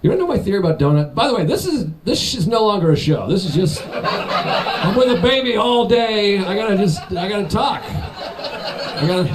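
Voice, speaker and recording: A man doing stand-up crowd work, rambling loosely and teasing the audience. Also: sits high. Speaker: stand-up comedian. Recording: live show with audience laughter. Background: audience laughter.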